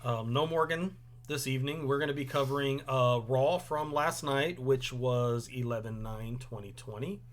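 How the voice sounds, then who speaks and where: A young man hosting a casual review show, relaxed and rambling with lots of ums. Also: mid-range voice, moderate pace. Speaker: host. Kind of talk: casual chat.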